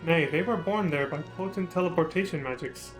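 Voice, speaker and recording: A man voicing a formal, composed young male scholar, reading game dialogue in a measured way. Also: a little high, faint music behind, natural voice, poor audio. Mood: analytical.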